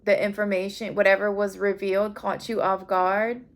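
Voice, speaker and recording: A woman's voice: medium pitch, flat delivery, normal speed. A woman giving a casual tarot reading, talking straight to her viewers in a rambling, heartfelt way. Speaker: tarot reader.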